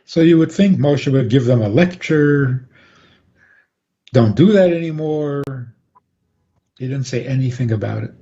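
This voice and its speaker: A man, a rabbi, calmly explaining on a radio talk program and chuckling often. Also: medium pitch, moderate pace, gravelly. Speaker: rabbi guest. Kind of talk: radio interview, Torah teaching. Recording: dull lo-fi radio audio.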